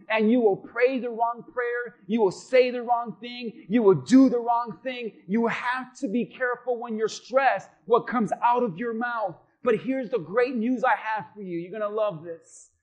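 A male pastor preaching a sermon, asking the congregation questions and acting out quotes in between. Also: high-pitched. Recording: dull lo-fi recording.

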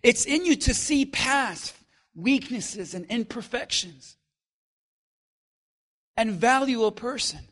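A man preaching a sermon as pastor, swinging from loud emphatic lines to quiet stretches and joking with his congregation. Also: very high voice, lively intonation, slow pace, long pauses. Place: church.

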